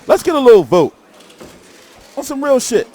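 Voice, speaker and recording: A young man chatting casually on a stream about boxing, excitable and profane, often repeating himself. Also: extremely high pitch, normal speed. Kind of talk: casual live-stream chat.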